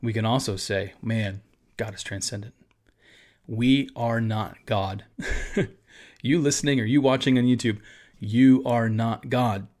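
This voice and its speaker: A man's voice: mid-range voice, a little slow, pauses often, a little mellow. A man, a pastor, teaching about a church confession of faith in a casual, conversational way with asides.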